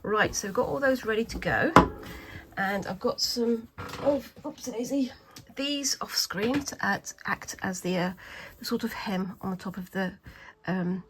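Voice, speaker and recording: A woman chatting casually while sewing for a craft vlog, thinking aloud with many pauses and fillers, sometimes dropping into a soft half-whisper. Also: mid-range voice, background noise. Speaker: craft vlogger. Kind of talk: casual craft tutorial chat.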